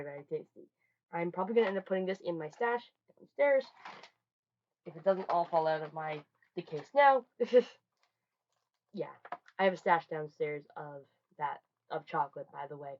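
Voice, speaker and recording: A young woman chatting casually through a holiday haul, rambling and restarting, with sudden loud bursts. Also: on the low side. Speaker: vlogger. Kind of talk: casual show-and-tell haul. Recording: dull lo-fi home recording.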